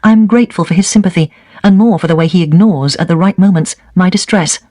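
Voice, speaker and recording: A man's voice: high voice, brisk, darkish tone, no echo. Man reading a memoir aloud, dry and close. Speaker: reader of a set text.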